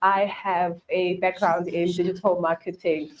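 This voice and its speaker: A woman's voice: on the low side, little pitch movement, a little slow, muffled recording. A woman in her twenties opening a panel as moderator, friendly and lightly joking with the audience. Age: 20s. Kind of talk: event moderating. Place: event venue.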